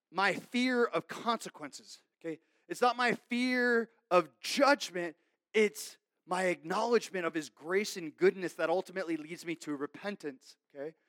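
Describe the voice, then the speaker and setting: A man with a high voice delivers an earnest, conversational sermon, often pausing to check in with his listeners. He moves between forceful, raised lines and soft, hushed asides. The recording is dry and close, with no room sound. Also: no room sound. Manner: earnest, conversational preaching with frequent "okay?" check-ins. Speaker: pastor.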